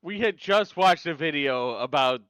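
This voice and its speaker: Smooth, bright-voiced man chiming in. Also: a little high, lively intonation, measured pace, no room sound, rough recording. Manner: chiming in, finishing the other host's sentences. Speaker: podcast co-host. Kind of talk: casual chat recapping a TV episode.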